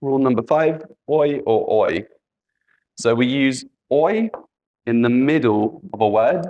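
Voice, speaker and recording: A man teaches English spelling rules at an unhurried pace, with a voice of middling pitch. He is patient and repeats each letter and example word so learners can follow. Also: animated, mellow, muffled recording. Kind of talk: slow spelling lesson.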